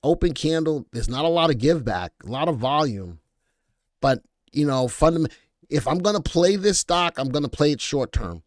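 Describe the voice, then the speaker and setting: A man hosting a live stock market commentary show, animated and joking as he reads viewer comments aloud. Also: a little high, normal speed, no echo, clean studio sound.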